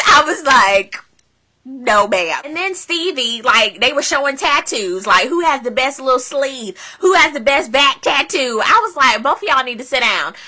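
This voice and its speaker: Woman vlogger, sassy and dramatic, slightly high, bright tone. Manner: sassy, dramatic, acts out quotes. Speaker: vlogger recapping a reality show. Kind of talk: casual commentary.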